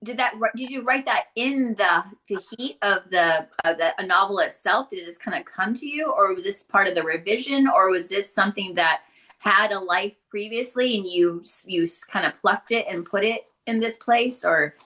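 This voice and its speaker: Bright, effusive woman host. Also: medium pitch, moderate pace. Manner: effusive, lots of "like". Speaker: podcast co-host. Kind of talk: casual interview chat.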